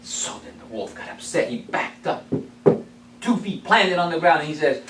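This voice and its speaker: A man tells a story to a club with animated, playful energy. His voice sits high and moves a lot. He is picked up from far off in an echoing meeting room with a faint hum. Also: moderate pace. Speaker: club speaker. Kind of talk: storytelling speech.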